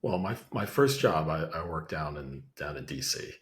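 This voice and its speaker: A man's voice: extremely low pitch, sing-song, moderate pace, a bit bright. A man with a New Jersey accent, co-hosting a podcast in casual chat and telling stories with chuckles. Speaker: podcast co-host.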